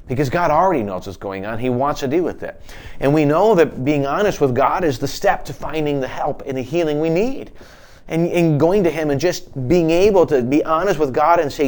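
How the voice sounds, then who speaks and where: A man's voice: mid-range voice, a little mellow. Earnest male pastor preaching. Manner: earnest, pleading when voicing prayers, with restarts. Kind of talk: sermon.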